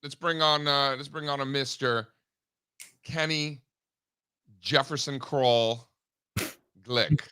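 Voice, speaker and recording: A man's voice: mid-range voice, slow pace, pauses often, smooth. A man co-hosting a show about the markets, teasing his partner and telling stories in casual chat. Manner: teasing, animated storyteller. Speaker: co-host.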